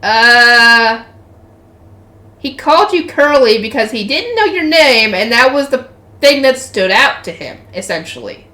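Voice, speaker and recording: A woman's voice: a little high, big pitch swings, a little slow, pushed and bright. A woman reading a novel aloud, breaking off for joking, swearing asides. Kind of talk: casual read-aloud with commentary. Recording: echoey room.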